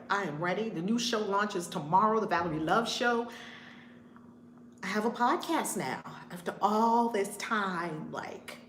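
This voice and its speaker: A woman's voice: medium pitch, a bit bright, a little hiss or hum. A woman reverend hosting a casual live-stream storytime from her home, greeting viewers by name as she talks. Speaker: reverend and channel host. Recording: roomy home room with faint ambience.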